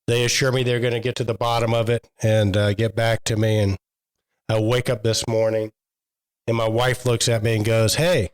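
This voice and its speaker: A man's voice: on the low side, flat delivery, moderate pace, clear, resonant tone, rough recording. A man co-hosting a trade podcast in casual chat, telling stories in a rambling way with many fillers. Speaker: podcast co-host.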